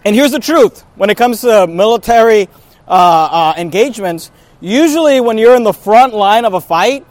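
A man's voice: high voice, animated, moderate pace, no room sound. A pastor delivering a sermon to his congregation, emphatic, with repeated phrases and frequent restarts.

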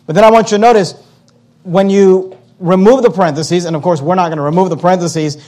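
A man preaching a sermon as the pastor at a church service. He preaches with emphasis, repeats his key questions and slows down to stress words. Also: sits high, steady tone, a little mellow.

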